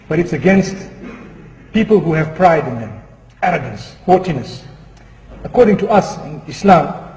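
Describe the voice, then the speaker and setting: High-voiced preacher in an echoing hall. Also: male voice, darkish tone. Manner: measured, chuckling, moralizing. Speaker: Islamic preacher. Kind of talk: sermon with humorous storytelling. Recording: echoey hall with faint noise.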